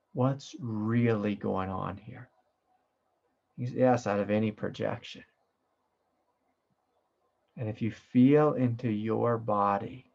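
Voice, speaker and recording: A man with a gravelly, creaky voice of middle pitch gives a reflective spiritual teaching. He speaks gently and loosely, with fillers and asides. The recording sounds dull and lo-fi. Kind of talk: satsang talk.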